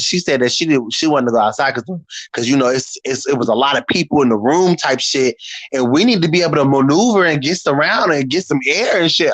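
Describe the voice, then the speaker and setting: A man telling a story to the camera in a casual, animated and profane way, full of slang. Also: mid-range voice, no room sound, poor audio. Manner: animated, profane, slangy and talking straight to the viewer. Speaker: storyteller vlogger.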